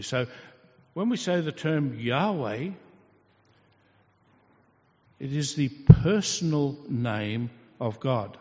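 Slow-speaking male preacher in a hall. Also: mid-range voice, animated, a little mellow. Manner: slow, teaching, rhetorical questions. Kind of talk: sermon. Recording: dull reverberant hall recording.

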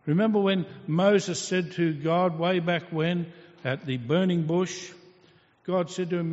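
A man preaches a sermon at an unhurried, deliberate pace, his voice sitting a little high for a man. He teaches patiently and poses rhetorical questions. The recording is dull and carries a long hall reverb. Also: darkish tone.

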